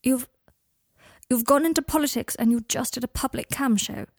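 A woman voicing a guarded, hurt young man who speaks coolly and precisely, with a husky, breathy voice. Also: a little high, moderate pace, no room sound, clean studio sound. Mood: soft, guarded. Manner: cool, precise, sharp-edged.

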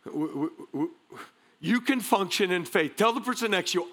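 A man preaching a passionate sermon in a church, shouting and laughing as he goes. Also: sits high, animated, normal speed. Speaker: guest pastor. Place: large church sanctuary.

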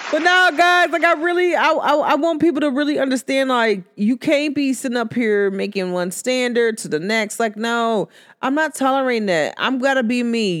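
A young adult woman hosting her own podcast, talking casually and sassily, laughing often and swinging between high and low tones. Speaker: podcast host. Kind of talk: casual solo podcast monologue.

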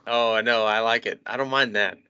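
A man's voice: mid-range voice, steady tone, brisk, bright, forceful tone, clean tone, no room sound. A man co-hosting a podcast, talking in a laid-back, wry, casually profane way. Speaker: podcast co-host. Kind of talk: casual chat. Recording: dry, dull lo-fi sound.

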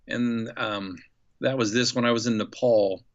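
A man telling an enthusiastic, reflective story as a guest in an interview, with many pauses and fillers. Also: mid-range voice, steady tone, highs cut off.

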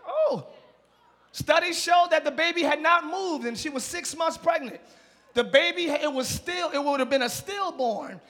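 A man pastor preaching a lively storytelling sermon in church, moving between hushed talk and shouts. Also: very high voice, normal speed. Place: church sanctuary, live service. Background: soft band music.

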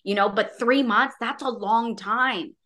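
A woman talking candidly as a podcast guest, expressive and loose, full of filler words and acted-out quotes. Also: a little high, measured pace. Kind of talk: candid casual conversation.

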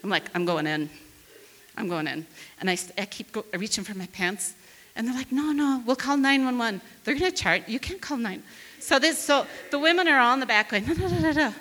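This is a brisk, high-sitting voice with a long reverb tail. Telling an audience a humorous story about herself, the northern Wisconsin woman stays lively and acts out each character's lines.

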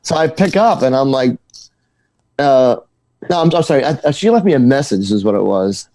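With a warm, mid-range voice and lively intonation, a guitar teacher and musician tells stories in a casual interview. He's chatty yet halting, repeating words and laughing, all in a dry recording.

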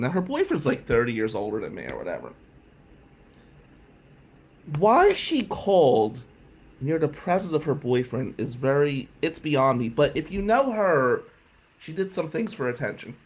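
A man telling a comic story in an animated, profane, incredulous way. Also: mid-range voice, slight background noise. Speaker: stand-up comedian.

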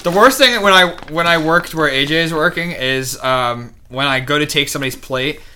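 A young man chatting casually on a podcast, telling animated work stories and jumping into high voices to quote people. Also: moderate pace, slight background noise. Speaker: podcast co-host. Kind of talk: casual chat.

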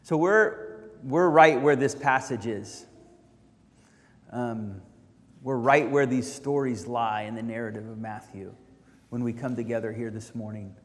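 Slow-speaking pastor man in echoing hall. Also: mid-range voice. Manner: reflective, halting with many ums, rising when reading scripture. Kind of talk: sermon. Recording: reverberant hall.

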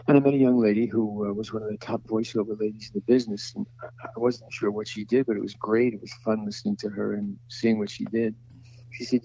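An older voice actor, appearing as an interview guest, tells long rambling stories and acts out the voices of the people he quotes. His gravelly, husky voice is on the low side and dark, with fairly even intonation and a quick pace, in dull lo-fi sound.

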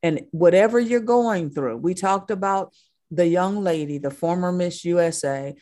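A woman's voice: lowish voice, normal speed, mellow. A woman preaching a sermon, impassioned, driving her points home with emphatic repetition.

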